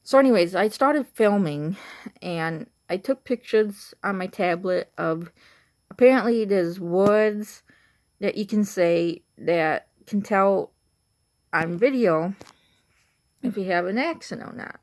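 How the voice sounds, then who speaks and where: A woman's voice: medium pitch, slow pace, a little mellow. A young woman with a Chicago accent, just woken up and tired, chatting to camera in a rambling way full of fillers. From Chicago, Illinois. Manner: rambling, many fillers like "like" and "you know". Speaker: vlogger. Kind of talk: casual rambling chat to camera.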